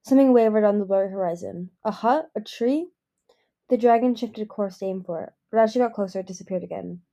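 A woman reading a fantasy novel aloud in an expressive storytelling manner. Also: mid-range voice, a little fast, muffled recording. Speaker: fan audiobook reader.

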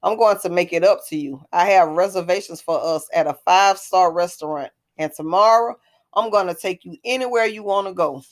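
A woman reading the part of a smirking, threatening ex-husband in a spoken story, with a low voice. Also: a little fast, natural voice. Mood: coaxing. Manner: taunting, threatening. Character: menacing smirking ex-husband, grown man.

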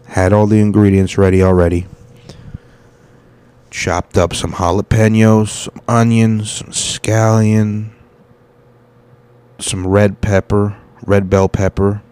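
Low-voiced man rambling through a story. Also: little pitch movement, slow, long pauses, a little mellow, clean tone. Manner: rambling, profane, quotes people in his stories. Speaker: podcast host and stand-up comic. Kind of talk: casual storytelling monologue.

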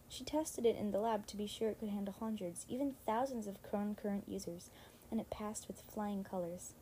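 Mellow-voiced woman narrating a story. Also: medium pitch, slight background noise, poor audio. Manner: lively reading with light character voicing. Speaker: audiobook narrator. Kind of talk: scripted narration.

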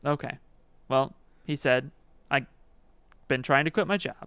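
A man's voice: mid-range voice, unhurried, sharp tone, smooth. A man co-hosting a podcast, explaining in a dry, wry way. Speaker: podcast co-host. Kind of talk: casual chat.

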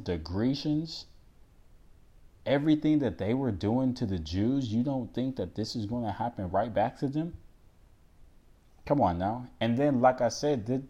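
Slow, emphatic male podcast host. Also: medium pitch, warm tone. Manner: slow, emphatic preaching, reads verses aloud and asks listeners rhetorical questions. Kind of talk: casual solo podcast talk on scripture.

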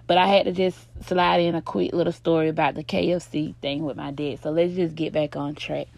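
A woman's voice: fairly low pitch, level tone, moderate pace, darkish tone, dry recording. A young adult woman telling a candid, rambling personal story to her viewers on a phone, full of "you know what I'm saying". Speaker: vlogger.

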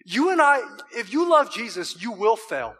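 A man's voice: extremely high pitch, sing-song, normal speed, sharp tone, husky. A man preaching a sermon to a church congregation, emphatic and full of rhetorical questions. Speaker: pastor.

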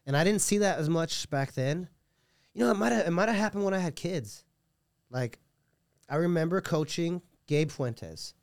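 A man's voice: on the high side, lively intonation, moderate pace, no room sound, studio quality. A man speaking as a jiu-jitsu coach in a casual podcast interview, rambling and earnest with many restarts. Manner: earnest and heartfelt.

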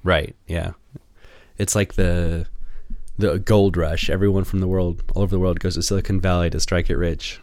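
A man in his thirties with a Midwestern American accent, co-hosting a podcast in a slow, deliberate, dry casual chat. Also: deep voice, flat delivery, a little mellow, no echo. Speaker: podcast co-host.

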